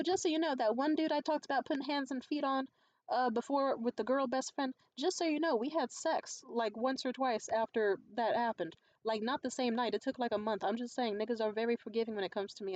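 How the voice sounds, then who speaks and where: A young adult woman in a casual vlog monologue, telling stories in a blunt, profane and animated way. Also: a little high. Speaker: vlogger.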